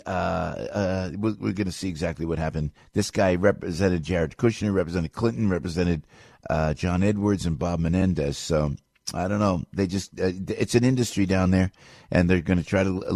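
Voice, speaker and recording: A man hosting a morning radio talk show, talking in a casual, opinionated way, excitable and jokey, often jumping loud and high. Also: normal speed, vocal fry, dry recording, studio quality. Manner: animated, excitable, jokey, swings loud and quiet.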